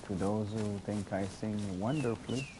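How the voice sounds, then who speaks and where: A man's voice: lowish voice, moderate pace. A man streaming a game, rambling and joking while stumbling over repeated words. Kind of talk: casual gameplay commentary. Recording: noisy with steady background hum.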